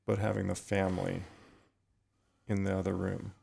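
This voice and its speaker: A middle-aged man, a retired firefighter, talking thoughtfully in a podcast interview, pausing and restarting often. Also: deep voice, little pitch movement, vocal fry, mellow, breathy edge. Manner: thoughtful, halting with frequent restarts.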